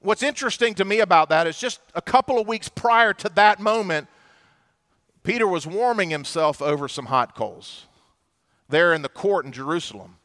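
Male pastor, high bright tone, animated sermon storytelling with acted-out voices. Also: moderate pace.

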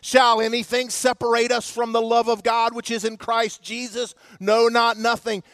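A man preaching a sermon as pastor, emphatic, slowing to stress scripture and putting questions to the congregation. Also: extremely high pitch, little pitch movement, a bit bright, no room sound, clean studio sound.

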